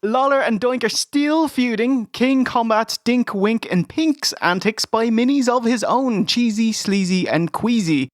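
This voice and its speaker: A man's voice: very high voice, animated, no room sound, clean studio sound. A man co-hosting a podcast in casual comedic review chat, sweary and joking. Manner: sweary, joking, quick laughs. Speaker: podcast co-host.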